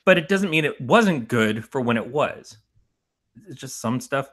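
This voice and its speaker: A middle-aged man co-hosting a movie podcast, talking casually and rambling between points. His voice is bright and forceful. He is animated and swears freely. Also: medium pitch, a little slow. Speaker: podcast co-host.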